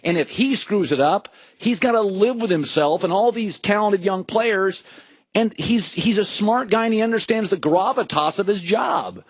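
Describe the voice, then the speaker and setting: A middle-aged man hosting a sports talk show, riffing in an opinionated monologue full of jokes and quick asides. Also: sits high, dry recording. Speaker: sports radio host.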